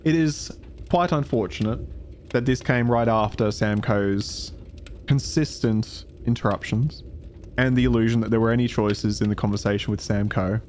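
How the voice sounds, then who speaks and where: A man doing a mock-formal male documentary narrator, speaking in a dry, slow, formal way. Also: lowish voice, darkish tone, a little hiss or hum, close to an everyday voice. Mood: wry.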